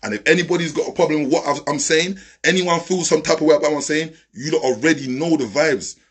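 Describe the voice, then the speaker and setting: Fired-up man, husky. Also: on the high side, fast. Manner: confrontational, repetitive, swearing. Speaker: social media live host. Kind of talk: heated live-stream rant.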